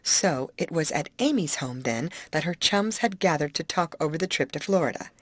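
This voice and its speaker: A woman narrating an audiobook in an even, measured reading style. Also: low voice, dry recording.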